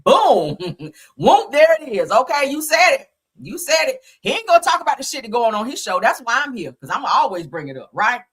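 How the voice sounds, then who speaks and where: A woman's voice: a little high, big pitch swings, fairly quick, husky. A woman hosting a casual gossip show, talking bluntly and profanely in a fired-up way. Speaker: host.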